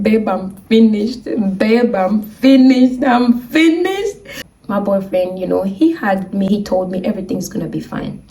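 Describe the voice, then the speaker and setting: In a casual vlog, a young woman with a lowish voice tells a personal story, animatedly acting out the voices of the people involved. The mic is distant and there's slight background noise.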